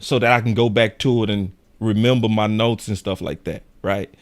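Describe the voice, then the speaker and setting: A young man hosting a sports show in casual, animated chat, full of slang and quick laughs. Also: lowish voice. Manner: animated, slangy, laughs often, quotes fans in raised voice.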